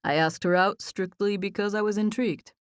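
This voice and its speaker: Woman voicing a charming young male chef, playful, teasing, slightly lowered voice, dry audiobook recording. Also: fairly even intonation, a little fast, clean tone, dry recording, natural voice. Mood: earnest.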